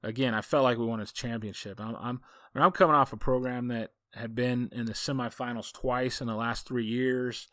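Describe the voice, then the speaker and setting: A man's voice: medium pitch, fairly even intonation, fairly quick, fairly bright tone, dry recording, clean studio sound. A man, a football coach hosting a podcast, telling a story in a casual, folksy, rambling way full of asides.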